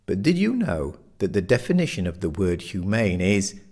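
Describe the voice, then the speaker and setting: A man voicing Richard, a quiet friend at the pub who questions the others. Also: low voice, very animated, moderate pace, exaggerated voice. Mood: questioning. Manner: probing, argumentative.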